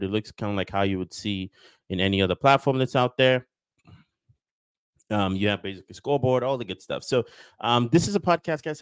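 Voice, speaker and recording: A man hosts a casual podcast, rambling and repeating himself with plenty of fillers. He sounds upbeat, almost like a sales pitch, and the audio has no echo.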